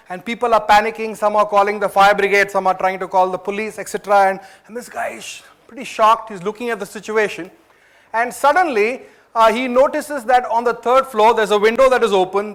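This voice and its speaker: An Indian man with a high voice and an Indian English accent, giving a motivational management talk. He tells his story in a chatty way, pauses with fillers and checks in with the audience with quick questions. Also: fairly bright tone. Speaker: speaker at a management training event.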